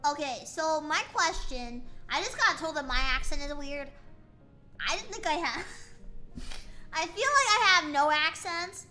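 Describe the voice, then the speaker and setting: A woman from the United States streaming as a VTuber, chatting in a playful, questioning way. Her voice sits high and sounds bright, with faint music playing underneath. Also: animated, measured pace. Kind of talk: casual livestream chat reading chat aloud.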